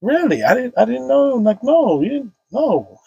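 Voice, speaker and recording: Husky man telling a painful story. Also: extremely high pitch, very animated, normal speed, mellow, no echo, muffled recording. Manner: casual, heavy slang, many restarts and fillers. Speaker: podcast guest. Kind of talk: emotional personal storytelling.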